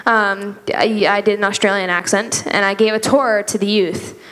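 A woman's voice: mid-range voice, fairly even intonation, normal speed, fairly bright tone. A teenage girl giving a rambling, earnest testimony at church, with lots of fillers. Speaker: youth group member. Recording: long hall reverb.

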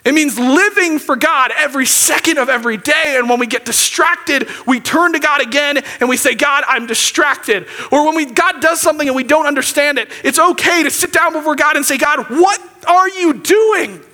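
A man preaching with a very high voice. He talks to the congregation in a loose, chatty way, checking in with "okay?" and rising to emphatic near-shouts. His tone is bright and forceful. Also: fairly quick, few pauses. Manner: conversational, often checks in with "okay?". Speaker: pastor. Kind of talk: sermon.

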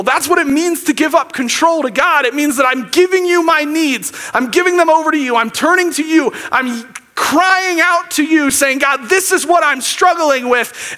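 A man preaching with a very high voice. He talks to the congregation in a loose, chatty way, checking in with "okay?" and rising to emphatic near-shouts. His tone is bright and forceful. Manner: conversational, often checks in with "okay?". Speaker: pastor. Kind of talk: sermon.

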